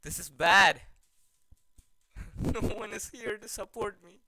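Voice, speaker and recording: A man giving jumpy, excitable commentary while playing a horror game, often dropping to hushed, nervous mutters. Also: sits high, takes it slowly, poor audio. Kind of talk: let's play commentary.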